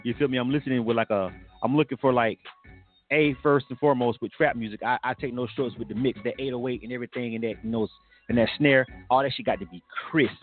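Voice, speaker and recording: A man's voice: mid-range voice, fast talker. Man, radio host, casual slangy talk, tinny phone-like sound, faint music behind. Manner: laid-back, slangy, profane. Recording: tinny phone-like broadcast audio.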